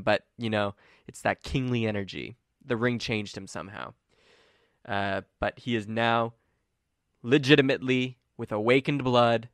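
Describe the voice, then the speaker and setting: A man narrating as game master in a relaxed way, with many fillers. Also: mid-range voice, clear, resonant tone, no echo, clean studio sound.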